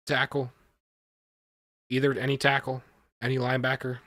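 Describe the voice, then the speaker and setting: A man hosting a live stream, reacting with excitement and talking to his chat, often repeating himself. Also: on the low side, normal speed, pauses often, dry recording, clean studio sound. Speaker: livestream host reacting to a draft.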